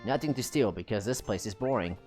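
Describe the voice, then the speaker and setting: A man's voice: fairly low pitch, animated, brisk, music in the background. A man giving chatty, self-amused commentary while playing a game on a live stream.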